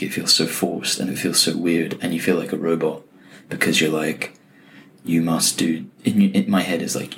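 A young man with a deep voice and a gravelly, creaky edge talks through a solo podcast episode. He tells his stories casually, with a dry, self-mocking humor. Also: a bit bright, slight background noise. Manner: wry, self-deprecating storyteller. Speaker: podcast host.

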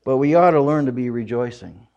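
A middle-aged man preaching a sermon, telling family stories in an animated way with frequent laughs. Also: mid-range voice, fairly quick, muffled recording. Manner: animated, laughing often, loud acted quotes. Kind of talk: humorous storytelling sermon.

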